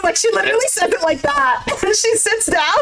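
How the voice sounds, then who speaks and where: Animated high-pitched young woman recapping. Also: brisk, background noise. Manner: animated, exclamatory, laughs often. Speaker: recap streamer. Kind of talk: casual reaction recap.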